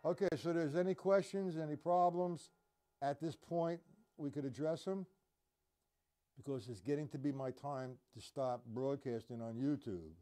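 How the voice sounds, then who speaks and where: A man's voice: a little high, moderate pace, mellow. A man teaching drums on a live stream, talking casually and counting out beats as he demonstrates. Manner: casual, demonstrative, counts beats aloud and scats drum sounds. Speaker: drum teacher. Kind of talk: live-streamed drum lesson.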